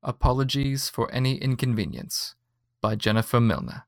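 A man reading short fiction aloud in a steady, even storytelling manner. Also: mid-range voice, normal speed, creaky, no echo. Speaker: story reader. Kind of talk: scripted narration.

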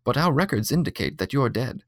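A man putting on a female android clerk from a spoken story, speaking in a higher, soothing tone with a faintly robotic edge. The reading is dry and close to the mic. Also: big pitch swings, brisk, no room sound. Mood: polite. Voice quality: slightly robotic.

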